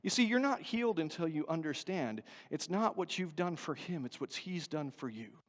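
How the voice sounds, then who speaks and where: High-voiced preaching man, church reverb. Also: moderate pace. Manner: animated preaching, swinging from loud to hushed. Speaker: pastor. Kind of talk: sermon. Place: church sanctuary.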